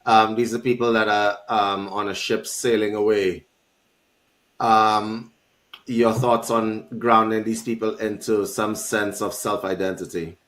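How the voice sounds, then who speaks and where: A man hosting a conversational podcast, asking questions in a relaxed way and laughing now and then. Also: lowish voice, a little slow. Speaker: podcast host. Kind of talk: casual interview chat. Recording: roomy echo.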